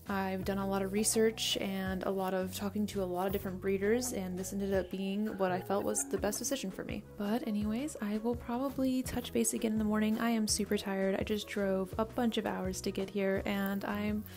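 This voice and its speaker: A woman's voice: medium pitch, level tone, moderate pace, hardly any pauses, a little mellow, faint music behind. A woman, talking to her phone camera in a casual, candid vlog with a slightly nervous edge. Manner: chatty, candid and a little nervous. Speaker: vlogger.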